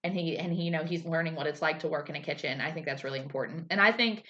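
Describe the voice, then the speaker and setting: A woman's voice: low voice, rapid-fire. A woman co-hosting a casual podcast, animatedly recapping a TV episode. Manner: animated storyteller, acts out quotes in a raised voice. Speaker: podcast co-host. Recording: slightly dull lo-fi sound.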